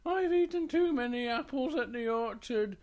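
A man doing a squeaky little bear cub. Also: animated, moderate pace, darkish tone. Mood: queasy. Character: small young bear cub, greedy and cheeky.

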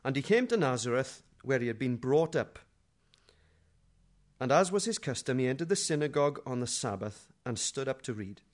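A middle-aged man preaching a sermon in a conversational, humorous way, moving between quiet asides and loud dramatic readings. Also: medium pitch, expressive, normal speed.

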